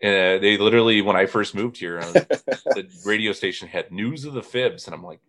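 A man's voice: fairly low pitch, normal speed, fairly bright tone. A man from northern Indiana in his thirties, chatting casually as host and telling stories with frequent laughs. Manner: storytelling, laughs often, mimics people in quotes. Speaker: podcast host. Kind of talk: casual chat.

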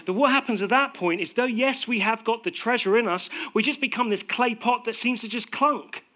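A man preaching a sermon in a conversational, animated way, acting out little quotes as he goes. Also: extremely high pitch, fairly quick.

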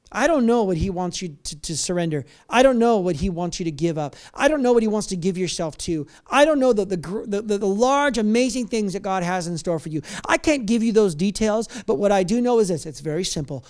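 Male pastor, high voice, passionate repetitive preaching, calls listeners to commit. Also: lively intonation, fairly quick. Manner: impassioned, building to near-shouts then dropping soft. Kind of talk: sermon with altar call and prayer.

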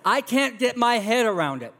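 A middle-aged man preaching a sermon as a pastor, animated and acting out the voices of the people in his story. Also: extremely high pitch, normal speed, gravelly, big-room sound. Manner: animated, acts out voices of characters.

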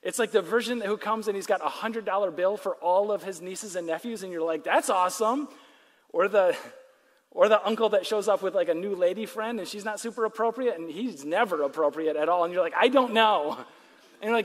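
A man preaching a sermon as pastor, telling stories with animated quoted voices and laughs. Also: high voice, brisk. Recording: long hall reverb.

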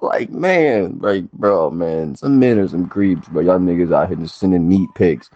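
A man co-hosting a casual podcast, joking and ranting in a profane, expressive way. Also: low voice, unhurried, dull audio. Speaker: podcast co-host. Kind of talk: casual chat.

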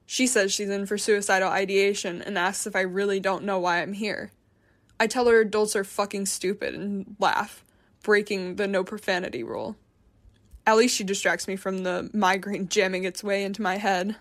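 A woman's voice: mid-range voice, fairly even intonation, normal speed. A woman reads a first-person memoir audiobook. Her delivery is tense and introspective, with frustration close to the surface. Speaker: narrator.

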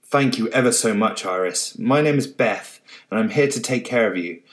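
A man's voice: lowish voice, normal speed, natural voice. A man voicing a protective butterfly lady. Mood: kind. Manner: gentle, then firm and commanding. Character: motherly female butterfly guardian, brave and protective. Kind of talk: storybook reading.

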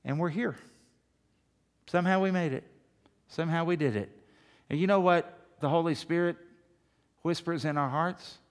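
A man's voice: a little high, unhurried, long pauses. A pastor in his fifties preaching a sermon with emphasis, often asking the congregation questions. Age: 50s.

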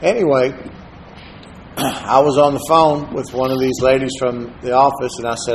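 A man delivers a sermon as a string of personal stories. His pitch sits in an ordinary middle range and he often drops to a hushed, soft-spoken aside. A faint room ambience hums quietly underneath. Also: level tone, moderate pace, a little hiss or hum, rough recording. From Texas, USA. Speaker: preacher.

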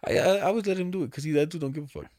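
A man's voice: on the high side, very fast, a little mellow, no room sound, clean studio sound. A man in casual chat, telling stories by acting out quoted exchanges, swearing casually.

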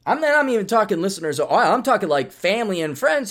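A man's voice: high voice, fast. A man hosting a podcast, telling rambling, profane stories and acting out quotes. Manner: profane, animated storyteller who acts out quotes. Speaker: podcast host. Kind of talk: rambling comedic monologue.

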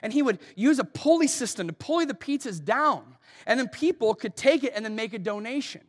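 A man's voice: very high voice, expressive, a little fast. A man preaching a sermon as a pastor, in a conversational storytelling way. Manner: conversational, storytelling with acted quotes. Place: church auditorium. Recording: long hall reverb.

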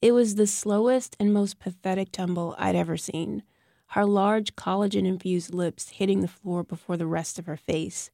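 A young woman narrates a first-person story in a tense, bitter tone. Her voice is gravelly and mellow rather than bright. The sound is dry and close, with no room around it. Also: medium pitch, fairly even intonation, moderate pace, dry recording. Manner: tense, bitter inner monologue. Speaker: audiobook narrator.

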